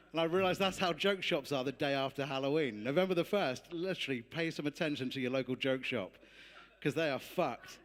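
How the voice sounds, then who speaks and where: A comedy musician chatting loosely between songs at a live gig, rambling and laughing at his own asides. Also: a little high. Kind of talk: live comedy song set with stage patter. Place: live music venue stage.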